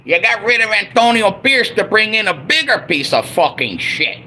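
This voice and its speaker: Profane, heated husky man ranting. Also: very animated, moderate pace. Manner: profane, heated, swinging from loud outbursts to low grumbles. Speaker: livestreamer ranting about his football team. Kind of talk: angry unscripted livestream rant.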